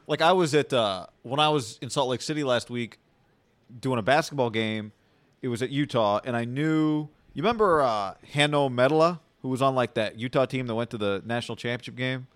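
A man co-hosting a sports podcast in relaxed, casual chat. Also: medium pitch, a little fast, no echo. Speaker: podcast co-host.

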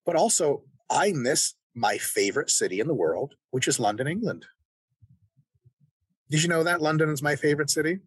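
Brief: swearing American guy ranting as a podcast guest, husky tone, pitch leaping all over. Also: moderate pace, no echo. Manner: animated, profane, ranting. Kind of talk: casual conversation.

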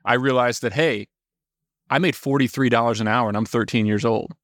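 A young adult man, a podcast guest, telling animated stories in casual talk, swearing freely and acting out quotes. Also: medium pitch, brisk, no room sound. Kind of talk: casual storytelling.

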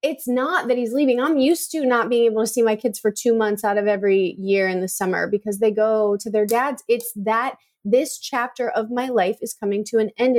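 Chatty middle-aged woman, slightly high voice. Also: a little mellow. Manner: chatty, emotional, lots of fillers. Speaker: podcast co-host. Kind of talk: casual chat.

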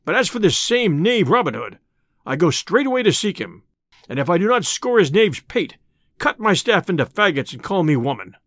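A bellowing, quick-tempered tinker with a deep bull-like roar, as a storyteller puts him on. He blusters in archaic speech with a lively, swinging pitch, recorded close and dry. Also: no echo. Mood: angry, indignant. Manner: blustering and loud, old-fashioned speech. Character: brawling boastful male tinker, hot-tempered.

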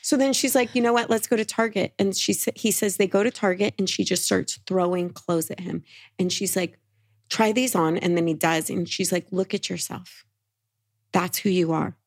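A woman tells a story on her podcast in a loose, chatty way, stringing quotes together with "he's like" and "she's like." Her voice sits at an ordinary middle pitch. She sounds animated and at ease. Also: normal speed. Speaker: podcast co-host. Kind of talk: casual storytelling.

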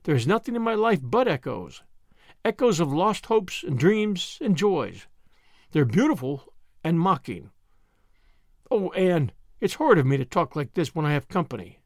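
A man's voice: on the high side, very animated, moderate pace, darkish tone, no echo, studio quality. A man reading the part of a wistful, romantic middle-aged woman in an audiobook, dramatic and melancholy.

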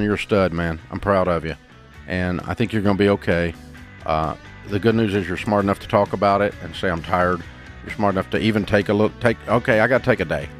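A middle-aged man hosting a call-in advice show, talking in a blunt, folksy, emphatic way. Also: sits low. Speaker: radio show host.

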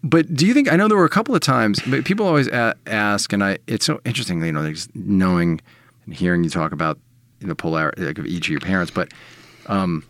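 A man hosting an interview podcast, chatting casually and teasing his guest with quick asides. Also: sits low, a bit bright, no echo. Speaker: podcast host.

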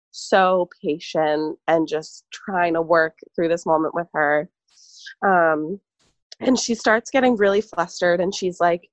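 A woman in casual conversation, telling an animated story full of fillers and laughs. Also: on the low side, no echo, muffled recording. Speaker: podcast co-host, former barista. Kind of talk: casual chat.

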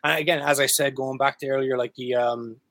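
Irish-born guy chatting as a guest, curses a lot, says like constantly, mid pitch, dry close sound. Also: steady tone, a little fast, a bit bright, dry recording. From Ireland. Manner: loose and profane, heavy on filler words. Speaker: guest musician. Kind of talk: casual interview chat. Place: his home music room.

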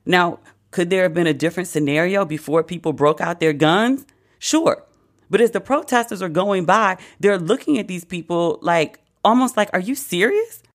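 An American podcast host delivers casual comedic commentary at a moderate pace in a medium-pitched voice. His blunt, sarcastic riffs are full of swearing and animated asides.

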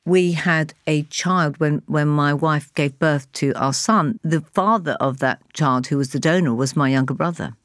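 A woman in her sixties speaks in a low voice, recorded close and dry. She tells candid anecdotes with animation, acting out the other voices in them. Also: normal speed, few pauses, dry recording. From England. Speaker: guest. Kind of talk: candid conversational storytelling.

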